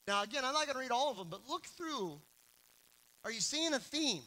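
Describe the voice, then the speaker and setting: A young man preaching a sermon, telling stories with animated, self-deprecating humor. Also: very high-pitched, normal speed, rough recording.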